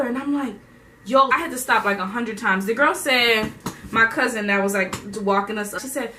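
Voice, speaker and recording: A young woman from Haiti telling a story to her camera in a casual, slangy, animated way, often laughing as she talks. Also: fairly high pitch, a little fast, distant mic. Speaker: vlogger.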